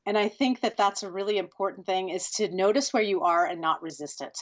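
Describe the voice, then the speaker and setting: A woman in her forties, a sex educator answering interview questions in an animated, breathy way and laughing easily. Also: mid-range voice, brisk, lo-fi sound. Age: 40s.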